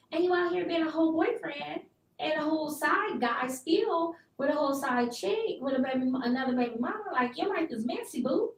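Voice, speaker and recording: A woman radio host giving a chatty, expressive recap that she acts out with quick bits of dialogue. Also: high-pitched, echoey room, recorded from a distance, low-quality recording.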